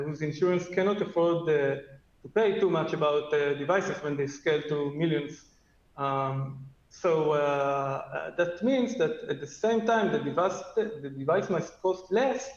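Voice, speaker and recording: A man presenting in a webinar, speaking haltingly with constant "uh" fillers. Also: a little high. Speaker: guest presenter, company technical head. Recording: echoey, dull remote mic.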